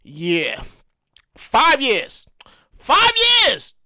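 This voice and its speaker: A man's voice: high voice, huge pitch swings, extremely slow, sharp tone, no room sound. A man on a casual, profane rant to camera, emphatic and repetitive. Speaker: vlogger. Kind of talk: casual ranting monologue.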